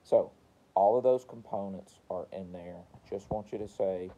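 A man's voice: low voice, a little slow, mellow, highs cut off. A man coaching service technicians in a casual training talk, repeating key phrases and acting out customer conversations. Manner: repeats phrases, role-plays customer dialogue.

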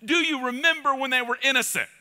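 Male pastor, middle-aged, high bright voice; passionate repetitive sermon delivery, loud to soft. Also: fast. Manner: passionate preaching, swinging between loud urging and soft asides; repeats phrases for emphasis.

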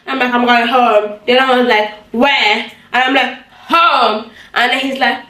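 A young woman chats to her phone camera at home, a little higher than most. She is sassy and talkative, and her voice jumps up sharply when she is outraged. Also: expressive, moderate pace, pushed and bright, low-quality recording. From Nigeria. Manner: chatty and sassy, with sudden high exclamations. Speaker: vlogger. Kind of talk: casual vlog chat to camera. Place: home, indoors.

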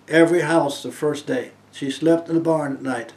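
A man in his eighties from Germany, giving an earnest inspirational testimony as a guest speaker and swinging between loud emphasis and soft hushed phrases. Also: fairly high pitch, fairly even intonation, normal speed, roomy sound.

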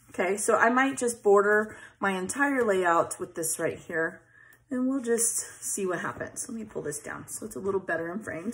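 A woman's voice: fairly high pitch, a bit bright, low-quality recording. A woman chatting casually through a scrapbooking tutorial, thinking aloud with fillers and poking fun at herself. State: hiccups. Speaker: scrapbooking vlogger. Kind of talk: casual craft tutorial chat.

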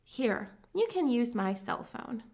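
A woman reading the lines of a kindly older man in a children's storybook, polite and gentle. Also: a little high, big pitch swings, takes it slowly, full character voice. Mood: friendly.

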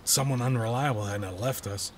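A man voicing a stressed widowed beekeeper and father in a dubbed film drama, curt and quick to shout. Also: medium pitch, a little hiss or hum, natural voice. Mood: tense.

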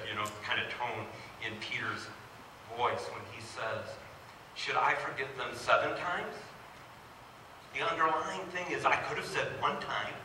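Male pastor, slightly higher voice, lively sermon storytelling, reverberant church hall with faint room noise. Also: recorded from a distance. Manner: animated storytelling with rising emphasis. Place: church sanctuary. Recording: very echoey hall, mic from afar.

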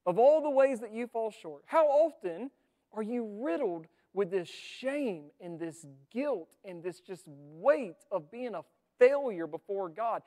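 A preacher talks to the congregation in a sermon, earnest and conversational, pressing one rhetorical question after another. The pitch sits in a middle range. The voice rings through a church sanctuary with a long, lingering reverb. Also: expressive, measured pace, mellow.

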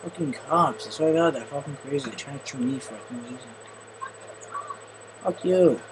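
A man doing excitable gameplay commentary, often yelling and swearing at the game. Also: medium pitch, moderate pace, background noise. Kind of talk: let's play commentary.

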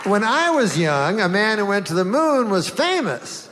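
A middle-aged male comedian telling stories and jokes in a deadpan, drawling talk-show manner. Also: high voice, measured pace, big-room sound, slight background noise.

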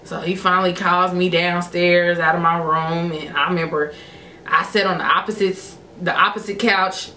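A woman's voice: lowish voice, steady tone, moderate pace, sharp tone, reverberant, slight background noise. A woman vlogger telling a personal story to her viewers in a candid, chatty way. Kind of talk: storytime vlog.

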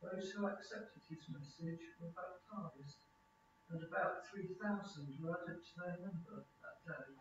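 Guy with a high voice reading the bible slow and steady, far from the mic in a big echoey church, muffled zoom-ish audio. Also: a little hiss or hum. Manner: measured, slows on key phrases. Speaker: scripture reader. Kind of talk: reading Bible passages aloud. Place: church sanctuary. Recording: echoey church over a dull video call.

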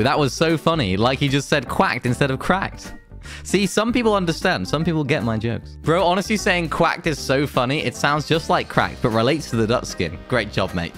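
A man's voice: medium pitch, big pitch swings, fairly quick, fairly bright tone, soft background music. A young man doing a casual, jokey reaction video, reading viewer comments aloud and teasing them. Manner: jokey, reads comments aloud in mock voices.

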